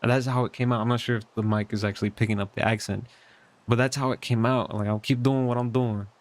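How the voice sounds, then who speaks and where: An earnest young man talks through a personal update in a fairly low voice. He rambles and reflects, leaning on loose fillers as he thinks aloud from his bedroom at home. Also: fairly even intonation, fast talker. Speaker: vlogger.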